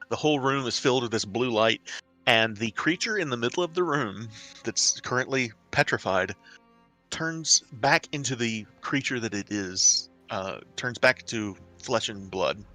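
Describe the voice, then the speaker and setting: A man narrating a tabletop game as game master, stopping short and repeating words as he builds each scene. His pitch moves a great deal while his tone stays bright and forceful, with faint music in the background. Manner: halting, repeats words, laughs between lines.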